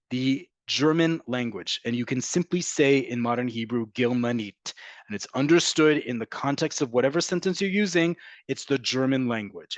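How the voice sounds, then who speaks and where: A man's voice: mid-range voice, no echo. A man teaching a live online Hebrew class, emphatic and repetitive, drilling pronunciations and addressing viewers as folks. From from an American family.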